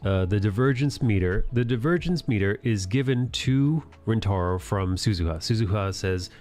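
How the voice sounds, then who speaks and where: Male host, lowish voice, casual profane recap, faint music bed. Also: expressive, moderate pace, darkish tone. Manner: loose, rambling, profane retelling. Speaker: anime review host.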